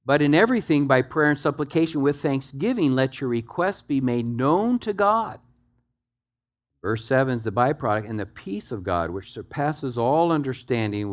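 A male pastor preaching a sermon, walking his listeners through scripture verse by verse and swinging from quiet low asides to loud, raised exhortation. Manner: guides the congregation through scripture step by step.

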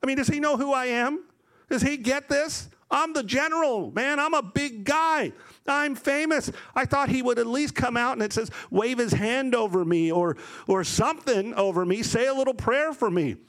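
Outraged proud general, pitched way up , put on by a male preacher. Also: racing, few pauses. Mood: indignant. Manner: loud, outraged.

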